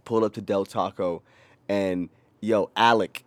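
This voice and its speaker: A young man co-hosting a casual podcast, telling a rowdy story with lots of profanity and loud acted-out quotes. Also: lowish voice, a little slow, no echo. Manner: animated, profane, acts out quotes in a raised voice. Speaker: podcast co-host.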